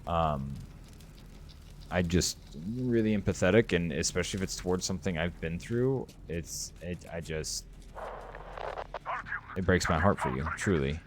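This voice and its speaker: Low and animated yet a little slow, this man's voice comes with long pauses and a slight hiss or hum in the audio. He's in his thirties, streaming a game live and rambling sincerely and emotionally to his viewers in a relaxed chat.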